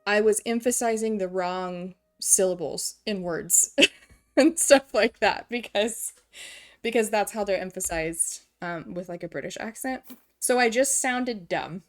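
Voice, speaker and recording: A woman's voice: medium pitch, measured pace, soft background music. Chatty American woman streaming. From Kansas, USA. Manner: chatty, self-deprecating, giggly asides. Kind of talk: casual live-stream chat.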